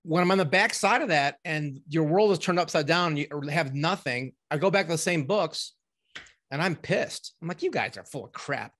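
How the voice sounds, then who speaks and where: A middle-aged man with a slightly high voice speaks as an interview guest over a remote connection. He tells his stories in a rambling, animated way, full of fillers and restarts. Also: moderate pace. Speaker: podcast guest, ghostwriting company owner. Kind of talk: casual interview storytelling.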